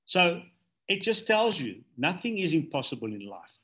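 A man's voice: a little high, big pitch swings, moderate pace, bright, forceful tone. A man hosting a video call, thanking the guest effusively and addressing the audience. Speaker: host. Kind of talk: casual hosting.

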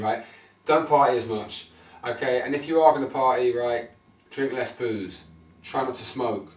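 A man giving blunt, swearing skin care advice to camera, often checking in with "right?" and "okay?". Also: mid-range voice. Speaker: men's fashion vlogger. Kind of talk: casual direct-to-camera advice. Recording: echoey room, mic at a distance.

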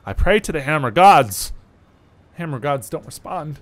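A man doing let's play commentary, exaggerated and sarcastic, breaking into loud yells. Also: fairly high pitch, expressive, moderate pace, faint music behind. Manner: exaggerated, sarcastic, bursts into yelling. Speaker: gaming YouTuber.

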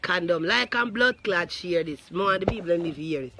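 A man with a Jamaican accent telling a profane comic story as an animated, swearing rant. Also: high voice, moderate pace, few pauses. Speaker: comedic storyteller.

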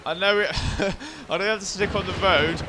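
A man's voice: sits high, lively intonation, normal speed, background noise. A man chatting casually while playing a game, cracking jokes, swearing freely and laughing a lot, on a headset mic. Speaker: let's play co-host. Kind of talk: casual gaming banter.

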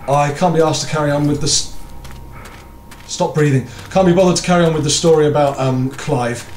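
A man's voice: on the high side, brisk, darkish tone, roomy sound, slight background noise. A British man commentating a horror game, nervous and jokey, swearing a lot and screaming in fright. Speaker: gaming YouTuber.

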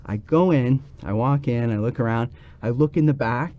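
A man, a podcast guest, telling a personal story in lively fashion and acting out the voices he quotes. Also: mid-range voice, normal speed, dull audio.

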